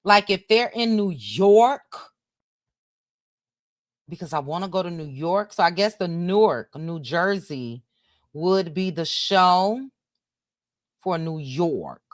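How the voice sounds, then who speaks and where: A woman chatting on a livestream in an unhurried, laid-back way, talking straight to her viewers as she reads things aloud. Her voice sits in a middle range and sounds close and dry. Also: on the low side, expressive, dry recording. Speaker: livestream host. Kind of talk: casual livestream chat.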